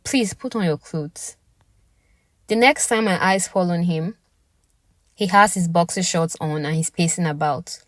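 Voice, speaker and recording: Young female storyteller, low pitch, dry close sound, dramatic and intimate. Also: no room sound. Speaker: podcast narrator. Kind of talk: first-person scripted story narration.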